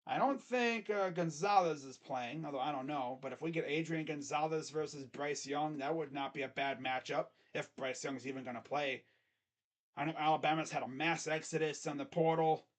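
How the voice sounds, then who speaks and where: A man's voice: on the high side, normal speed. A man hosting his own channel, giving casual sports predictions in a rambling, self-correcting way. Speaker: host. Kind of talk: casual sports picks commentary.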